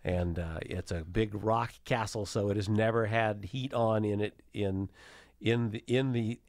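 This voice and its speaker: A sleep-deprived man telling a travel story on a podcast, animated and laughing. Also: fairly low pitch, unhurried, dry recording, clean studio sound. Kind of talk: casual chat.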